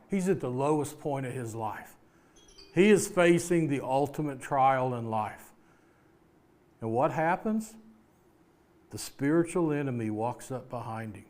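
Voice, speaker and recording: A man giving a motivational devotional talk, retelling a story in an earnest, plain-spoken way. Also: on the high side. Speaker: speaker giving a weekly motivational message.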